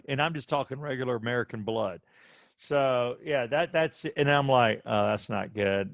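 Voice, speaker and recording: Male co-host, 30s, lively storyteller, dull lo-fi dry sound. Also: dry recording. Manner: animated storyteller, voice jumps high when quoting himself. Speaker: podcast co-host. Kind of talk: casual chat.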